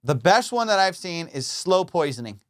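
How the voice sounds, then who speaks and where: A man's voice: high-pitched, sing-song, moderate pace, fairly bright tone. A man hosting a comedy podcast, riffing in a rambling, profane monologue from his studio. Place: home studio.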